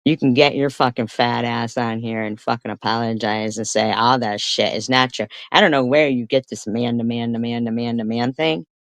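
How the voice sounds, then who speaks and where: A woman's voice: very deep voice, fairly quick, hardly any pauses, dry recording. A woman livestreamer ranting angrily at a rival, swearing constantly and confronting her directly. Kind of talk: angry livestream rant.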